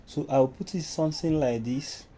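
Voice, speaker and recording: A man's voice: fairly high pitch, moderate pace, mellow, slight background noise. A man with a Nigerian English accent giving an informal music lesson, explaining step by step and singing solfa syllables as examples. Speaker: music teacher.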